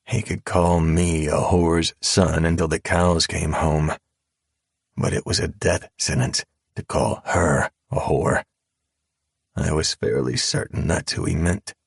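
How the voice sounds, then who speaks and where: A man narrating a first-person audiobook in a calm, cold drawl. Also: rumbling low, slow pace, creaky, husky, dry recording, studio quality.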